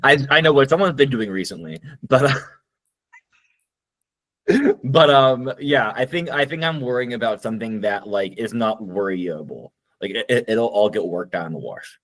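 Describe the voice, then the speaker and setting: A man co-hosting a podcast, chatting casually in a halting way with lots of fillers. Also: medium pitch, animated, a bit bright. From United States. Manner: rambling, halting, full of fillers. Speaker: podcast co-host. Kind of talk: casual chat.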